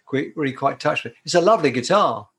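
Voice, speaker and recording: An older man from the United Kingdom, a guitarist recalling his career in a relaxed interview, talking in a chatty way and often restarting his sentences. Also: a little high, quick pace, vocal fry, breathy edge. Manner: warm, chatty, with frequent restarts. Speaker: guitarist and performer, interview guest. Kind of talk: casual anecdotal storytelling.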